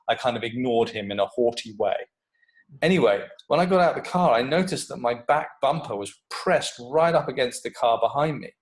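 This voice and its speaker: Poor audio captures a man, a creativity coach, cursing openly as he tells an energetic story in a laid-back podcast interview. His pitch is medium.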